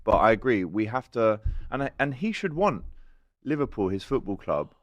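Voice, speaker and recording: A man co-hosting a football fan chat with a notably deep, low voice, thinking things through in a measured, casual way. The sound is close and dry, with no echo. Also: big pitch swings, highs cut off. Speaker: football fan-channel co-host.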